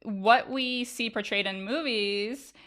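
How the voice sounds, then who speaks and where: A woman's voice: fairly high pitch, takes it slowly, fairly bright tone. A woman hosting a podcast, explaining research in an engaged, conversational way. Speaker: podcast host. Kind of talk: casual interview talk.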